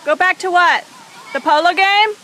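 A woman's voice: extremely high pitch, normal speed, sharp tone, a little hiss or hum, poor audio. A mother filming her small son in an outdoor garden, coaxing and teasing him in a playful way. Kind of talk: casual home video chat. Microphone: handheld camera mic.

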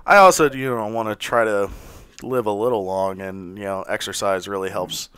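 A man's voice: fairly low pitch, normal speed, fairly bright tone, clear, resonant tone, dry recording. A man co-hosting a podcast in casual chat, with an American accent that mixes northern and Southern, rambling, swearing casually and laughing often. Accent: American, mix of northern and Southern. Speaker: podcast co-host.

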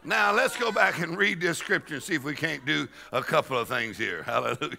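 A man preaches a lively sermon with a deeply gravelly, rough-edged voice. His tone is strikingly bright and forceful. He tells folksy, joking stories and breaks into laughter and shouts as he stirs up the congregation. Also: fairly quick, hardly any pauses. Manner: laughs and shouts "woo", leads the crowd in rejoicing; folksy storytelling with jokes. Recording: live church sermon.

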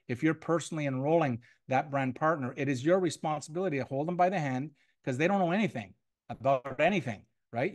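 A man giving a motivational sales training to a room of people, repeating key points and acting out sample phone calls. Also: on the high side. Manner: energetic and repetitive, acts out sample phone calls. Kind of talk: motivational training talk to a live audience. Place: room with an audience.

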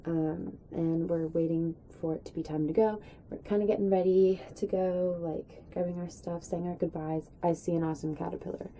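A young woman chats through a storytime vlog, rambling and full of fillers. Her voice is very mellow and dark, sitting a bit low, with faint noise behind it. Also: poor audio. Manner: chatty, rambling, acts out quotes in a high voice. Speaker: vlogger.

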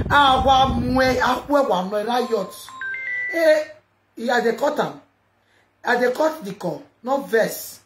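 A Nigerian woman ranting on a live video, shouting and chanting slogans between mutters. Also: fairly high pitch. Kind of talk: impassioned live-stream rant. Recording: echoey noisy live phone video.

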